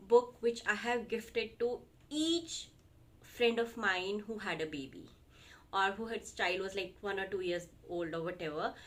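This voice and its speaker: A young woman with an Indian English accent, chatting casually as she reviews children's books, with many fillers and restarts. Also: medium pitch. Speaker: parenting vlogger.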